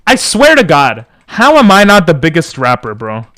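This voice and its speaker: A young man streaming from home on a close boom mic, rambling and joking as he answers chat. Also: wildly swooping pitch, normal speed, bright, forceful tone, dry recording. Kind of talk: casual live-stream chat. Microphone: boom mic close to the mouth.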